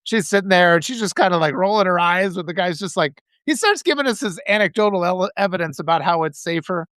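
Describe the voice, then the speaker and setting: A man hosting a live video, telling rambling, animated anecdotes full of restarts. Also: sits high, fast talker, no room sound, studio quality. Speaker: live-stream host. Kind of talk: casual storytelling on a live video.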